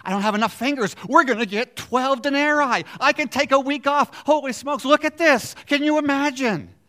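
A man voicing a giddy day laborer who is sure he is about to get extra pay, with shrill, gleeful exclamations. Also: moderate pace, bright, forceful tone.

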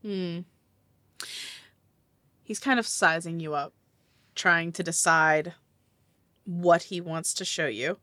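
A woman's voice: lowish voice, slow, pauses often, bright, forceful tone, no room sound, clean studio sound. A woman running a tabletop game as game master, narrating and asking questions in a loose, rambling way. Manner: loose, rambling with fillers and restarts.

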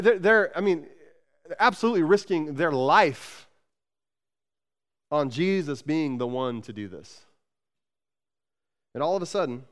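Preaching a sermon, a man with a fairly high-pitched voice sounds energetic and conversational. He tends to repeat words, swinging from loud, emphatic lines to soft, tender ones.

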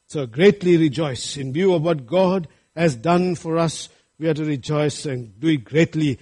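A man's voice: a little high, animated, normal speed, few pauses, darkish tone, slightly rough. A man preaching a sermon, earnest and rising to fervent appeals to his congregation. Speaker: pastor.

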